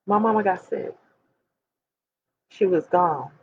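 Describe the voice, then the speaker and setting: A woman's voice: fairly low pitch, slow pace, husky, muffled recording. A woman of forty talking candidly and emphatically to her viewers, speaking straight to them like a preacher. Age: 40s. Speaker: host. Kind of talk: candid personal talk to viewers.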